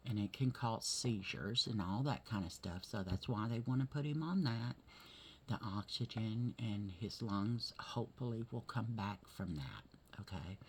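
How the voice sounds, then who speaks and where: A woman talking through a hard day in a vlog, teary and halting, often asking "okay?" and sometimes dropping to a whisper. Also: a bass voice, a little hiss or hum. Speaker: vlogger. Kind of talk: emotional personal vlog.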